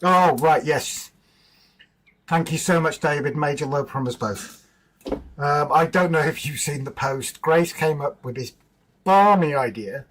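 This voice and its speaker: A man's voice: on the high side, unhurried, a bit bright, low-quality recording. A man hosting a casual livestream from home, chatting informally with viewers in the chat and bantering with his partner. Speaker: livestream host.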